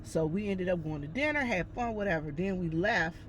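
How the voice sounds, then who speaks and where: A woman's voice: fairly low pitch, brisk, slight background noise. A woman telling a personal story in a casual, chatty way, talking straight to her viewers. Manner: chatty, addresses viewers as y'all, lively retelling. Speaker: vlogger.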